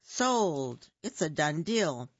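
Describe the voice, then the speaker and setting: A woman voicing a grumpy old male bear with a gruff, growling manner in a children's storybook. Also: deep voice, big pitch swings, very slow, dry recording, lo-fi sound, exaggerated voice.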